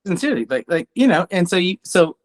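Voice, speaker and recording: A man co-hosting a podcast in a casual chat, swearing a lot and rambling, his voice climbing when he gets worked up. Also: fast. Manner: profane, rambling, animated, rising pitch when worked up. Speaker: podcast co-host; coach.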